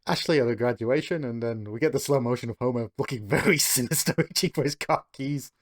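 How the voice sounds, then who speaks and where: A man's voice: mid-range voice, brisk. A man co-hosting a podcast, recapping a cartoon episode in casual chat and chuckling between beats.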